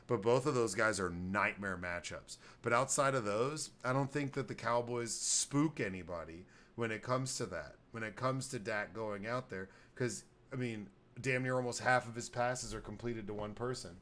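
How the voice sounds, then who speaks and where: A man's voice: on the low side, bright, forceful tone. A man hosting a podcast, giving blunt, profane, rambling football takes in casual sports talk. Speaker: podcast host.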